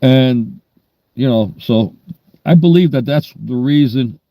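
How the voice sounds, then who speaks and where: A man's voice: mid-range voice, slow pace, no echo, lo-fi sound. A man in his sixties with a New York accent, telling stories in a rambling, down-to-earth way during a casual livestream. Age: 60s. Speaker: livestream host.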